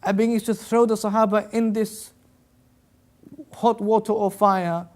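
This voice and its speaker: A man's voice: sits high, little pitch movement, a little slow, a little mellow. A man giving an Islamic sermon, earnestly retelling stories with quoted dialogue. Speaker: Islamic lecturer. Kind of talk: sermon with storytelling.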